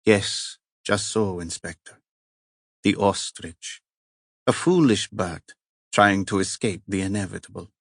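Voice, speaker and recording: A man voicing a tall, solemn and persuasive Italian monk with a heavy Italian accent, speaking slowly and with measured care. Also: low-pitched, vocal fry, no echo, studio quality, full character voice.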